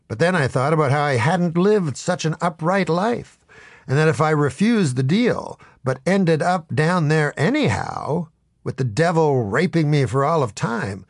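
Deadpan guy telling a funny story, gravelly, super dry close mic. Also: mid-range voice, dry recording. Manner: dry, deadpan delivery with lively swings. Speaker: audiobook narrator.

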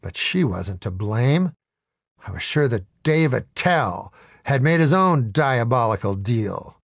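A man narrates a comic first-person tale with a deadpan, mock-dramatic delivery. His voice has a gravelly grain and his intonation swings widely. The recording is close and dry. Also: medium pitch, slow pace, no room sound. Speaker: storyteller.

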